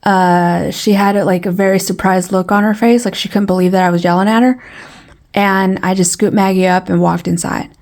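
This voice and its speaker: A woman's voice: mid-range voice, steady tone, normal speed, darkish tone. A woman telling a story to her viewers in a rambling, casual way, often repeating herself and sounding exasperated. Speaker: vlogger.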